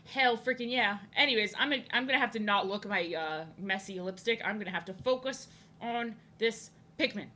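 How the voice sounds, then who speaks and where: A woman's voice: mid-range voice, a little fast, sharp tone. A young woman streaming her drawing, chatting casually in a rambling, playful way, greeting viewers and often stumbling and restarting her words. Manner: frequent stammered restarts. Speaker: art streamer. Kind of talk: casual live-stream chat while drawing.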